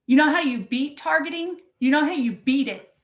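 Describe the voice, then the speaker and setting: A woman's voice: high-pitched, lively intonation, moderate pace. A woman coaching her viewers in a live-streamed pep talk, intense and full of swearing, stopping to answer the chat. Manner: intense, profane, impassioned. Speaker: motivational coach.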